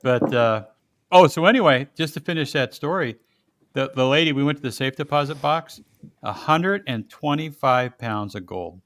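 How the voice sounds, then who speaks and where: A man's voice: mid-range voice, normal speed, no room sound. Chatty man telling stories, dry sound. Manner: animated storyteller, laughs often, puts on voices in quotes. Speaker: podcast host. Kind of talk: casual storytelling chat.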